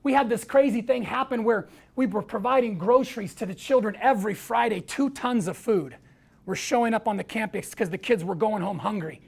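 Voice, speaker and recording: An American man giving an inspirational talk, with a gravelly edge in his voice. He tells stories and acts out the lines of the people in them. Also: high-pitched, brisk, darkish tone. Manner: storytelling, acts out quoted voices. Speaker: speaker.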